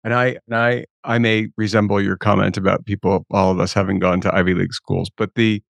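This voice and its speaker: A man's voice: on the low side, flat delivery, fairly quick, vocal fry, no echo. A man co-hosting, chatting casually with a wry, self-deprecating manner. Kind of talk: casual chat.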